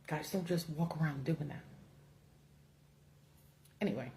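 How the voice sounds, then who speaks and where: A woman's voice: deep voice, unhurried, pauses often, dark tone, slight background noise. Blunt, profane woman ranting on a livestream. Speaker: political commentary host. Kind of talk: casual livestream commentary. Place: home setup with a ring light.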